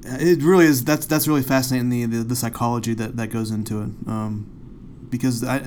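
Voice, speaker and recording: A man's voice: mid-range voice, fairly even intonation, fairly quick, a little mellow, a little hiss or hum. A man hosting an interview, moved by his guest's words and repeating words as he starts his questions. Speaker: host.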